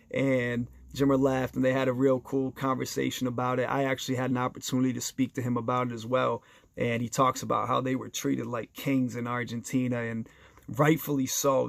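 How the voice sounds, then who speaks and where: A man's voice: mid-range voice, darkish tone, dry recording, clean studio sound. A man telling casual stories in an enthusiastic, conversational way, speaking straight to his listeners and briefly acting out quoted voices. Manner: briefly acts out other people's voices in quoted dialogue. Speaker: storyteller sharing basketball anecdotes. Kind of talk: casual storytelling monologue.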